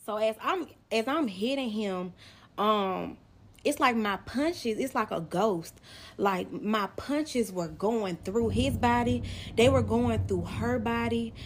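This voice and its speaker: A young woman vlogger telling a personal story straight to camera, animated and emotional, speaking directly to her viewers. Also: fairly high pitch, takes it slowly, slight background noise. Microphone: phone or camera facing the speaker.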